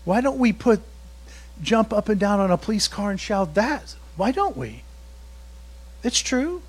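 A man preaching a sermon as pastor, slowing down for emphatic quotes and chuckling between points. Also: high voice, sing-song.

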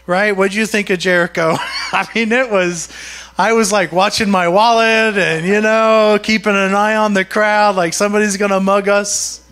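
A man's voice: high-pitched, fairly even intonation, normal speed, a bit bright, clean tone. A man preaching a sermon in a conversational way, often asking his congregation questions. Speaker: pastor.

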